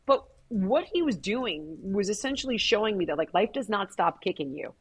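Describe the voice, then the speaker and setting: Husky, blunt middle-aged woman. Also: medium pitch, big pitch swings, moderate pace. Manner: blunt, emphatic and profane. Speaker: interview guest. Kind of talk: candid conversational interview.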